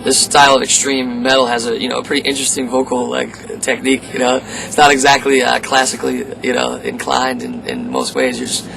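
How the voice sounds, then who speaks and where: A man who sings metal talks casually, rambling with many fillers, his voice gravelly. The location recording carries clear background noise. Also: medium pitch, brisk, few pauses. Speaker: metal vocalist. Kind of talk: casual interview. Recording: noisy location interview.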